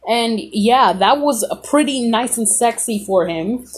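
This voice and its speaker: A woman's voice: medium pitch, fairly quick, a little mellow, slightly rough. A young woman telling a story in a casual, rambling and sarcastic way, full of fillers. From Mexican family. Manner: rambling, sarcastic, frequent "like" and "bro".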